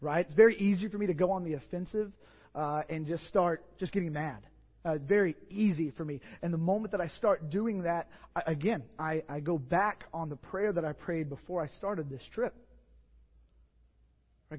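A Texan pastor with a fairly high voice tells a story from the pulpit. He is animated, dropping to hushed asides and then rising to loud bursts. The recording is dull and lo-fi, with long church reverb. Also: moderate pace, breathy edge. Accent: Texas. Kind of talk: sermon storytelling. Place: church sanctuary.

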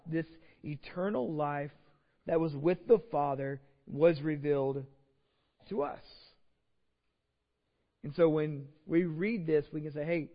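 Earnest pastor in a reverberant church. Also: male voice, on the high side. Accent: Texan. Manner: earnest, repeats words while building points. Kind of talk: sermon. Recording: dull audio with long hall reverb.

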